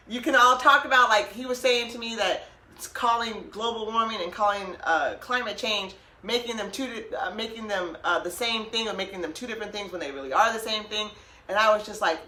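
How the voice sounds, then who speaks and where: A woman's voice: medium pitch, fairly quick, pushed and bright. A woman hosting a podcast, telling a story with emphasis, laughing often and quoting what was said. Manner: emphatic, laughs often, quotes herself and others. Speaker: podcast host. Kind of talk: animated storytelling. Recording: roomy echo.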